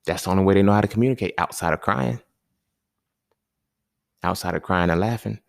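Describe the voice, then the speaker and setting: A man hosting a podcast, talking in a loose, slangy, conversational monologue that keeps checking in with the listener, with sudden animated bursts and chuckles. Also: low voice, fairly quick, gravelly, no room sound, clean studio sound. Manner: loose, conversational, slangy, often asks "you feel me". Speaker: podcast host. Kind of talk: casual monologue.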